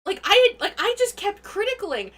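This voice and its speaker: A woman chats on a stream about a tabletop game session, excitable and quick to laugh, cursing freely as she goes. Her voice sits high and bright, swinging widely in pitch. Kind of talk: casual stream chat.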